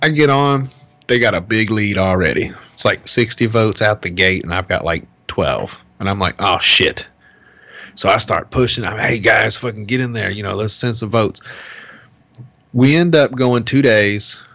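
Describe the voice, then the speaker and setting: A man's voice: on the low side, moderate pace, a bit bright, no echo. A man on a podcast telling a heated, profane story in casual chat and acting out what people said. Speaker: podcast co-host.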